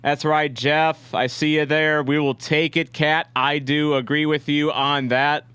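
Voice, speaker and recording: Excitable young fan commentator. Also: male voice, on the high side, unhurried, clean tone, no room sound. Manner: excitable, rambling, shouts at big plays. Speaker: fan watch-along host. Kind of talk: live reaction commentary.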